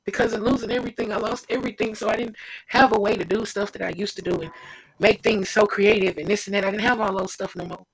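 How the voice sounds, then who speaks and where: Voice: mid-range voice, fairly even intonation, fast talker, creaky, rough recording. A preacher giving an informal devotional sermon, fervent and repetitive, speaking straight to the listener.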